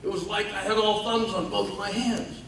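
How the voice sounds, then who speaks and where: An older man with a drawl speaks as guest speaker at a ceremony. His voice sits slightly high and he tells his story with folksy, self-mocking humor. It comes from far off the mic in a reverberant hall, with a faint hiss beneath it. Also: fairly even intonation, fairly quick, creaky, fairly bright tone. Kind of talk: storytelling speech.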